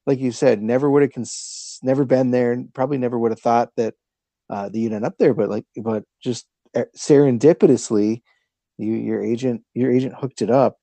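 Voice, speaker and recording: A man hosting a podcast, asking questions in a relaxed, chatty way. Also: medium pitch, normal speed, vocal fry, no echo. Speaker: podcast host. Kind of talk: casual podcast chat.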